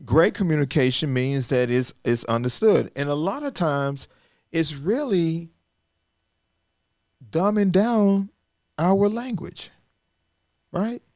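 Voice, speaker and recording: A middle-aged man from Arkansas, telling stories in a casual, animated way and acting out bits of dialogue. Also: fairly high pitch, slow pace, long pauses, no echo, studio quality. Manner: folksy, animated, acts out dialogue with restarts. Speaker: podcast host and guest speaker. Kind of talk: casual storytelling conversation.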